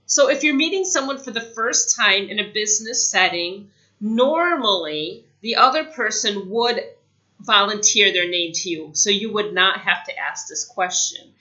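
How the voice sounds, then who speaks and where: A woman giving a casual spoken English lesson, chatty, saying example phrases slowly. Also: medium pitch, expressive, bright, forceful tone, highs cut off. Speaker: English teacher.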